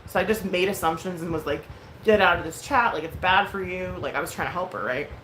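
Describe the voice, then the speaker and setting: A woman's voice: on the low side, fast talker, a bit bright. Cursing woman venting in an echoey room. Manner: frank, profane, venting, full of fillers. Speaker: vlogger. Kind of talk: casual storytime rant. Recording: echoey room with clear background noise.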